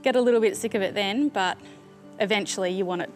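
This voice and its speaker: A woman's voice: mid-range voice, quick pace, soft background music. A woman, the interviewee's sister, answering hesitantly with many ums and restarts. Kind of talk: casual documentary interview.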